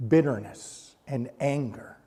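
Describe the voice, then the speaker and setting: A middle-aged man preaching a storytelling sermon in a church sanctuary, dropping to a hushed voice at solemn moments. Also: mid-range voice, takes it slowly. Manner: hushes to a near-quiet voice at solemn points. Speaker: pastor.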